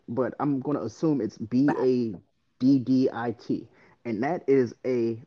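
A man co-hosting a casual chat, explaining slang terms in a relaxed way with examples. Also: mid-range voice, lo-fi sound. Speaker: podcast co-host.

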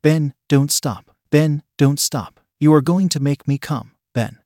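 A man voicing an eager young woman lover, speaking softly and pleadingly in a read-aloud story. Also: a little high, a little slow, no echo, clean studio sound, natural voice.

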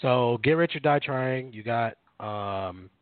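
A man's voice: medium pitch, slow pace, no room sound. A man co-hosting a casual radio show, rambling with lots of fillers and self-corrections. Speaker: podcast co-host. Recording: dry, phone-like narrow sound.

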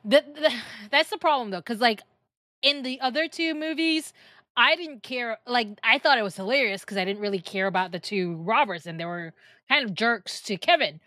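A woman's voice: a little high, animated, moderate pace, bright, forceful tone, no room sound, clean studio sound. Chatty woman giving her movie opinion. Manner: chatty, frequent fillers and laughs, gives opinions. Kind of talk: casual movie review chat.

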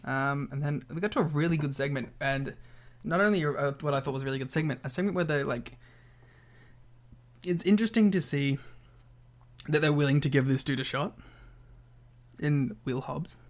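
A man's voice: on the high side, normal speed, long pauses. A young man co-hosting a casual podcast, playful and enthusiastic as he chats. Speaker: podcast co-host. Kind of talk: casual chat.

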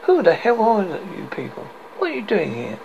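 A man's voice: high-pitched, wildly swooping pitch, moderate pace, creaky, a little mellow, lo-fi sound, slight background noise, voice pushed up, exaggerated voice. A man voicing a confused, agitated young American patient, reading his lines plainly with little change of voice. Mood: angry.

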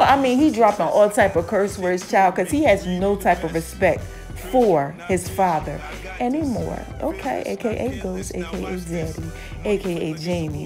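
A woman podcast host giving an excitable, casual recap of a TV episode, talking straight to her listeners. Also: mid-range voice, normal speed, soft background music. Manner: excitable storytelling, addresses listeners as y'all.

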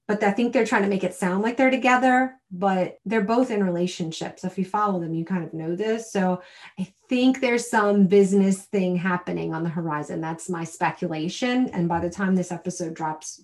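Woman, 30s, podcast co-host, casual and animated, laughs a lot. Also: fairly low pitch. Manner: chatty, animated, laughs often. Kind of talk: casual chat.

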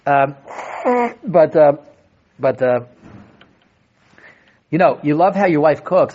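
A young man teaching a lively Torah class, animated, often restarting his sentences and acting out quotes. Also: fairly high pitch, normal speed, long pauses, slightly rough. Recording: dull lo-fi classroom recording.

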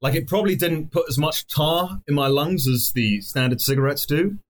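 A man's voice: on the high side, normal speed, slight background noise. A young man from Mexico chatting casually on a podcast, swearing constantly as he tells rambling travel stories.

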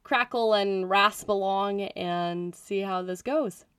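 A woman co-hosting a casual podcast, chatty and quick to laugh, her voice a bit rough from a recent cold. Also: medium pitch, a bit bright, a little hiss or hum. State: recovering from a cold. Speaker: podcast co-host and editor.

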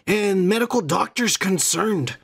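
A man's voice: high-pitched, a little slow, creaky, a bit bright, slightly rough. A man hosting a podcast, trading crude, joking banter full of profanity. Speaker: podcast host. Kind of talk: casual podcast chat.

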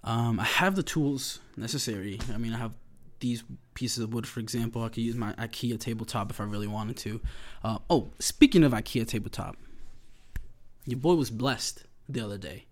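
Young male vlogger, mid-pitch, slangy and animated, sugar-high chatter. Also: normal speed. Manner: animated, slangy, laughs often. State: hyped up on sugar. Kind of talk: casual rambling monologue.

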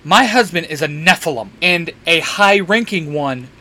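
Flamboyant, protective warlock, read by a man, theatrical and sharp-toned. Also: fairly high pitch, animated, normal speed. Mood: indignant. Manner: theatrical, teasing.

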